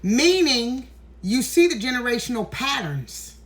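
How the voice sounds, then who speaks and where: A woman's voice: a little high, sing-song, a little slow. A woman speaks into her phone indoors, close to tears as she delivers an emotional monologue. Her talk is emphatic and preachy, she swears freely, and she keeps pushing through the feeling. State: near tears. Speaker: tarot content creator. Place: indoors, walking in a hallway.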